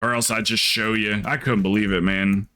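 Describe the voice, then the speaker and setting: A man's voice: fairly low pitch, fairly even intonation, moderate pace, bright, forceful tone. A young man livestreaming, chatting casually and rambling through a story while acting out the people in it. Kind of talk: casual stream chat.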